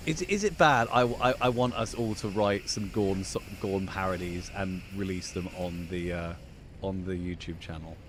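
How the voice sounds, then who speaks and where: Low-voiced man chatting on a livestream. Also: normal speed, a little hiss or hum. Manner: chatty, stammering restarts. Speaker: podcast co-host. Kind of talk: casual livestream banter.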